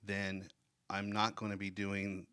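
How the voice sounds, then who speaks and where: A man's voice: lowish voice, monotone, slow, sharp tone, clean tone, no echo, studio quality. A man hosting a casual interview, reflective and agreeable, thinking aloud about his own experience. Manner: reflective, agreeable, many "yeah" and "right". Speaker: podcast host.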